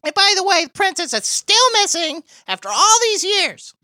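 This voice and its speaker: A woman voicing a small blunt mushroom man attendant, deadpan, in an improvised podcast parody. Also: very high voice, moderate pace, no room sound, clean studio sound, full character voice.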